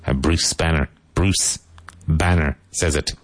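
A man hosting a live English lesson, repeating each question and answer slowly so learners can follow. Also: extremely low pitch, fairly even intonation, no room sound.

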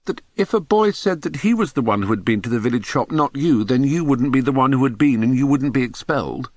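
A man voicing a timid, earnest young schoolboy who squeaks and pleads anxiously. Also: expressive, fairly quick, a little mellow, no room sound, studio quality, close to an everyday voice. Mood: anxious, squeaky.

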